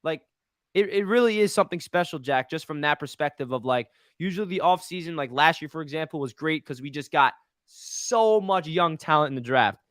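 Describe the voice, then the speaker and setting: A young man hosting a casual sports fan chat, excitable and rambling with lots of fillers. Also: on the high side, no echo, clean studio sound. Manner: excitable, fast-talking, many "like" fillers. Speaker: podcast host.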